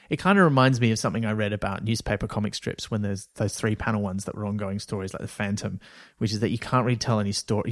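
A man's voice: mid-range voice, dry recording, studio quality. A man co-hosting a podcast, chatting casually and rambling a bit with fillers. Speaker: podcast co-host, writer of a radio series.

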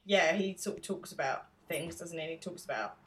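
A chatty English woman co-hosts a podcast with a low-pitched voice. She talks in a relaxed, casual way and often turns to ask her co-host questions. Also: brisk. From England.

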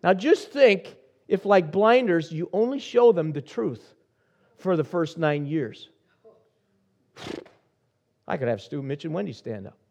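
A middle-aged man preaches as senior pastor, his voice sitting a little high. He tells stories in quiet asides and then builds to emphatic points. The recording is muffled and lo-fi. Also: lively intonation, measured pace, gravelly, long pauses. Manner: storytelling, shifting from soft asides to rising emphasis. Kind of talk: sermon.

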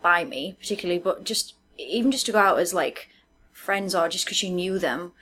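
A woman's voice: fairly low pitch, expressive, moderate pace, a bit bright, slight background noise. Chatty woman podcast host. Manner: chatty, laughs often, trails off and restarts. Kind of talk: casual chat.

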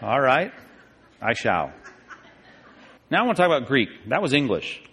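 A pastor leads a Bible study class conversationally, regularly checking in with "okay?" and "right?". His medium-pitched voice swings widely in pitch, is fairly bright and slightly rough, and moves at a moderate pace. A large hall gives the recording a long reverb.

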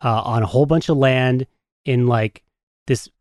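A man's voice: medium pitch, fairly even intonation, moderate pace, darkish tone, no echo, studio quality. A man hosting a casual interview over a remote call, talking loosely with lots of fillers and jokes. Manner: loose, filler-heavy, jokey. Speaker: podcast host.

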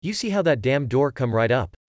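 A man reading out the words of a frightened, shaken young man, in a low subdued tone. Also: big pitch swings, a little fast, no echo, clean studio sound, close to an everyday voice.

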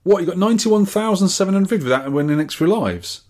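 A man's voice: sits high, lively intonation, fast talker, a little mellow. A man from England co-hosting a podcast, reading out listener scores and comments with wry asides in casual chat. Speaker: podcast co-host.

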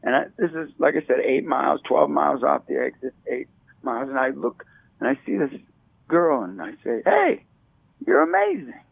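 A man telling motivational stories as an interview guest, energetic and excitable. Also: mid-range voice, a little fast, creaky, husky, no room sound. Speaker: ministry leader, interview guest. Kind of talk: motivational storytelling. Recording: tinny dry phone line.

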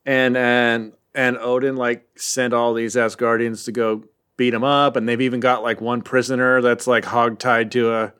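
A man's voice: medium pitch, little pitch movement, normal speed, few pauses, fairly bright tone, clear, resonant tone. A man co-hosting a podcast, casually recapping a comic with jokes and rambling asides. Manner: joking, rambling. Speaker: podcast co-host.

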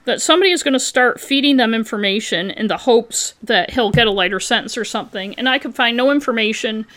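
Bright-voiced woman, wry true-crime host. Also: a little high, quick pace. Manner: wry and blunt, with sarcastic asides. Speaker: podcast co-host. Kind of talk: reading a true-crime case aloud with commentary.

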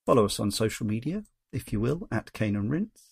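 A man's voice: medium pitch, very animated, fairly quick, creaky, breathy edge, no room sound, studio quality. A man hosting a podcast, chatting casually and reading listener messages aloud with a Geordie accent. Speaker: podcast host.

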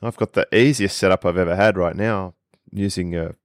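A man's voice: deep voice, fairly even intonation, a little fast, no room sound, studio quality. A man with an Australian accent, a podcast guest explaining things with enthusiasm in casual conversation.

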